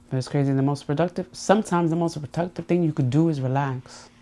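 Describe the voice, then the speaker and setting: A woman with a low, mellow voice hosts her own podcast about personal growth. She speaks in an intimate, heartfelt monologue, with emotional moments here and there.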